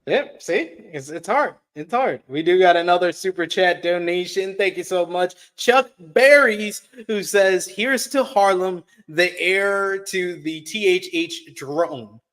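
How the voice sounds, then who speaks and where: A man's voice: high-pitched, unhurried, few pauses. A man with a New York accent co-hosting a casual wrestling review, bantering and reading out viewer donations. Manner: reads out donations, lively banter. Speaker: co-host.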